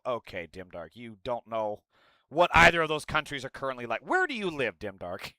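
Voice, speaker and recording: Bright, clear-voiced male streamer. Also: mid-range voice, normal speed, no room sound, rough recording. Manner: animated, swearing, talking back to chat. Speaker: streamer reacting to an interview clip. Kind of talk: casual live-stream commentary.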